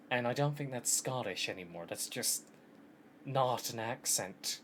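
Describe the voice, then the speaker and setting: A man's voice: medium pitch, animated, unhurried, fairly bright tone. Profane self-mocking male streamer. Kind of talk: game commentary.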